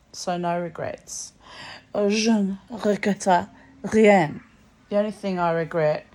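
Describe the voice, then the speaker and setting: A lowish-voiced woman talks from her bed in a loose, rambling monologue. She sounds tired and under the weather, but she keeps chatting and drifting into asides. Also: a little mellow. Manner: chatty, storytelling, many asides. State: tired and unwell. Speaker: vlogger. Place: lying in bed at home.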